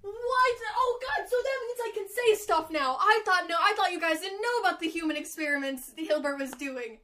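High-voiced, excitable woman co-host. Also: moderate pace. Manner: excitable, cuts in often, many filler "like"s. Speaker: podcast co-host. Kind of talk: casual chat.

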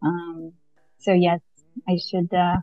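A young woman from Canada speaks as a podcast guest in a relaxed, animated way, dotting her talk with fillers and quick laughs. The audio is dull and lo-fi with a dry, close sound and faint music behind her. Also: on the low side, no echo. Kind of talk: casual conversation.

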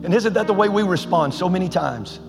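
An emphatic male preacher with a fairly high voice delivers a storytelling sermon in a colloquial style. His voice carries long church-hall reverb with faint music underneath. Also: lively intonation, fairly quick, gravelly.

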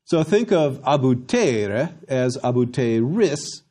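In a recorded Latin lesson, a man slowly drills phrases for his students to repeat. He delivers them emphatically with a lively pitch and a dry sense of humor.

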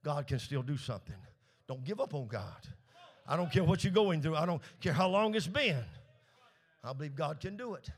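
A male pastor, preaching a call-and-response sermon that swings from hushed low asides up to shouted peaks. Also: lively intonation, moderate pace, breathy edge.

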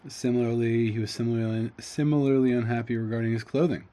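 A man teaching, reading a story aloud and translating it line by line, halting often with fillers and restarts. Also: mid-range voice, steady tone, dark tone. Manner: halting, with fillers and self-corrections.

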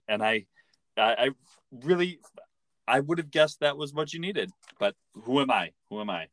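A man's voice: medium pitch, expressive, moderate pace, a bit bright, dry recording. A man hosting a podcast, chatting casually with wry, playful, mock-serious humor. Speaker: podcast host. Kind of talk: casual chat recapping a TV episode.

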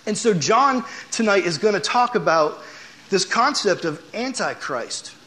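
High-voiced chatty young male preacher. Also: measured pace. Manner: animated, chatty, heavy use of "like". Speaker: youth pastor. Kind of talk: casual storytelling sermon.

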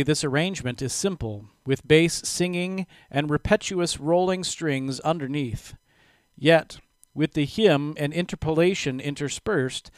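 A man reads a prepared commentary in a measured, explanatory way. His voice is smooth and sits a little high, and the recording is close and dry with no room sound. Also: no echo. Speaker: music commentator. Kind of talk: scripted commentary on sacred music.

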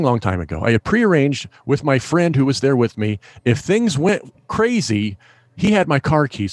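Animated, laughing stand-up comedian man. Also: mid-range voice, dry recording. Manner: animated anecdote-telling, laughs often, acts out voices in quotes. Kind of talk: storytelling in a podcast interview.

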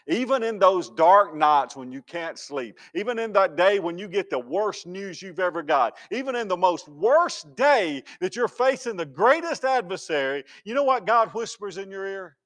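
A man pastor preaching a sermon, emphatic, swinging between loud declarations and hushed words. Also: a little high, lively intonation, normal speed.

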